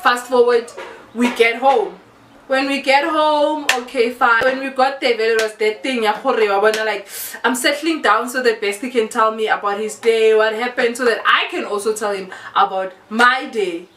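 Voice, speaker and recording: A young South African woman with a South African accent, telling a casual story-time tale with lively, animated delivery and mixing in local words. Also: on the high side, moderate pace, far from the mic, slight background noise. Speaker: YouTuber. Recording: echoey room, a bit off-mic.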